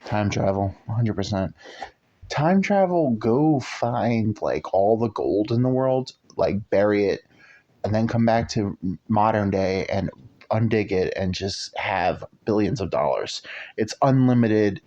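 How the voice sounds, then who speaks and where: A man hosts a casual show and rambles along in crude, profane talk. His pitch jumps up and down a lot as he goes. The recording sounds dull and lo-fi. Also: animated, measured pace. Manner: rambling, crude and profane, swings into loud put-on voices. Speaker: podcast host. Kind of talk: casual chat.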